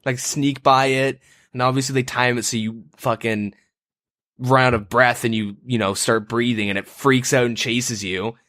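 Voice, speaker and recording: A man co-hosting a podcast tells a story in casual banter, profane and rambling with lots of fillers. His voice is medium-pitched and fairly bright, with fairly even intonation and normal speed, recorded in a clean studio with no echo.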